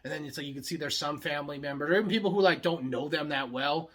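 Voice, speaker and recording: A young man pitching show ideas in a casual comedic monologue, rambling and swearing freely, full of filler words. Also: a bit bright. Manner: acts out the other characters' lines in quick bursts.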